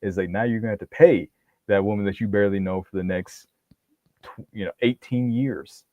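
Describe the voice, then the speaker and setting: A man with a fairly low voice chats casually and with energy, throwing in "bro" and "man". The sound is dry and a little muffled, with no room echo. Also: a little fast. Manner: animated storyteller, says "bro" and "man". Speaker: podcast host. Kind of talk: casual conversation.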